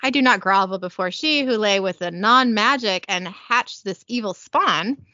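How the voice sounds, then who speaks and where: A woman voicing a stern, haughty female high priestess who speaks in a contemptuous, lecturing way. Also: normal speed, pushed and bright, no echo, highs cut off, close to an everyday voice. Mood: scornful.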